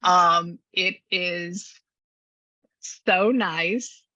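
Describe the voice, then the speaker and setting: A woman's voice: lowish voice, extremely slow, pushed and bright, no echo, lo-fi sound. A woman working as a psychic medium, talking casually and gushingly through a reading, with many restarts. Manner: chatty, gushing, restarts often.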